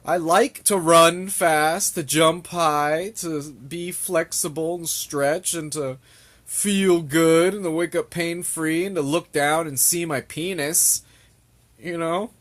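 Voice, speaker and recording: A man's voice: on the high side, fairly even intonation, slow pace, a bit bright. A young man ranting to camera, exasperated and repetitive, with an annoyed, rambling manner. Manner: exasperated, ranting, repeats himself. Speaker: vlogger.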